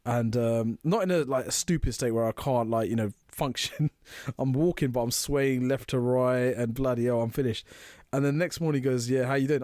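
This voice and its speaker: A man's voice: medium pitch, no room sound, studio quality. A man, co-hosting a podcast and telling drinking stories in casual chat, acting out what people said. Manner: fast, animated anecdotes with acted-out quotes. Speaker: podcast co-host.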